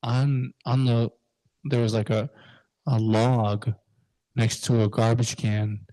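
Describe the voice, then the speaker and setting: A man's voice: mid-range voice, little pitch movement, slow pace, dark tone, no echo, long reverb tail, close to an everyday voice, poor audio. A man voicing his worried middle-aged mother, who speaks in a puzzled, alarmed way.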